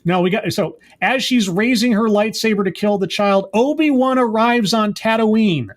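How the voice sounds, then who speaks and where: Man, sarcastic show reviewer, high voice, exasperated, rambling recap. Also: normal speed.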